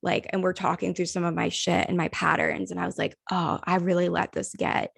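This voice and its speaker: A young woman talks openly on a podcast in a heavily gravelly voice, swearing freely and filling her sentences with "like". She sounds close to the mic in a dry room with no echo. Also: lowish voice, little pitch movement, brisk. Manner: candid, swears freely, trails off with "like". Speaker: podcast co-host, therapist. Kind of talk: casual podcast chat.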